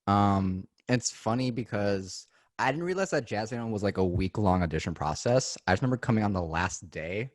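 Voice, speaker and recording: A young man hosts a relaxed podcast chat, teasing his guest in an upbeat, joking way. His voice sits on the low side but swings widely in pitch. The sound is dry and close, with no room around it. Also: normal speed, no echo. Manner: joking, upbeat, says "dude". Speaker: podcast host.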